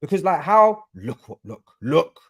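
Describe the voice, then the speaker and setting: A young man talks casually over a live football stream at a mid pitch. He drops "bruv" and "man" all the time and repeats himself. His mumbled asides give way to loud, exasperated, sweary rants. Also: expressive, moderate pace. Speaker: streamer hosting a football watchalong.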